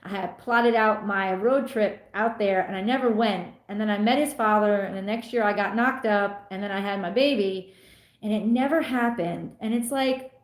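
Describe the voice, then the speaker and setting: A middle-aged woman hosting a casual live stream, chatting away and reading viewer comments aloud with some casual swearing. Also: mid-range voice. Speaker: tarot livestream host. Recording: echoey room.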